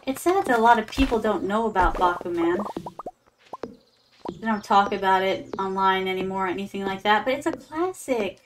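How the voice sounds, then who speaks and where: A woman VTuber gives casual gameplay commentary on a farming game, chatting to viewers as "my darlings" and using some Japanese. Her voice is medium-pitched at a moderate pace, and there's background noise.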